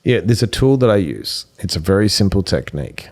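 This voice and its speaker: Gravelly man telling stories in conversation. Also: deep voice, big pitch swings, fairly quick, darkish tone. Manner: tells stories acting out both sides of the dialogue. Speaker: podcast guest, speaker and life coach. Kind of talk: animated storytelling in conversation.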